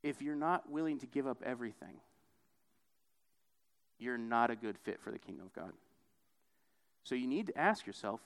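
A young preacher delivers a casual, conversational sermon, repeatedly tacking "right?" onto his lines. He performs quoted voices with big jumps in pitch.

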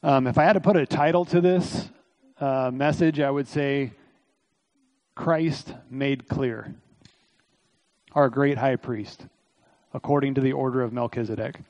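A middle-aged man preaching a sermon as pastor, in a folksy, conversational way, with many fillers and asides, his voice slightly hoarse this morning. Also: medium pitch, steady tone, measured pace, long pauses, darkish tone, no room sound.

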